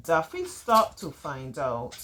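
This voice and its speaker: A woman's voice: low voice, huge pitch swings, slow, a bit bright, slight background noise. A middle-aged woman with a Barbadian accent reading a storybook aloud to children, playful and often laughing, with chatty dialect asides.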